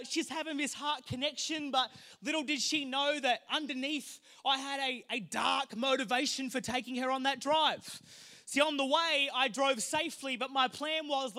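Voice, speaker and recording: High, bright Australian preacher. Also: male voice, moderate pace. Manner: humorous storytelling, building to shouted proclamation. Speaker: pastor. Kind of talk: sermon.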